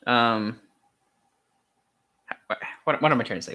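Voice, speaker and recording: A young man reading a philosophy text aloud in a casual way, pausing often with ums and restarts and adding wry, sarcastic asides. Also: lowish voice, sharp tone. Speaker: channel host reading aloud.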